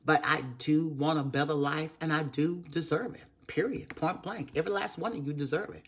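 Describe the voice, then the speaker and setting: A woman's voice: low-pitched, brisk, husky. A woman, giving a live-stream motivational talk as a network marketer and speaking with emphatic repetition to her viewers. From Texas. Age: 50s. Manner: emphatic, repetitive, preachy, addresses viewers as y'all.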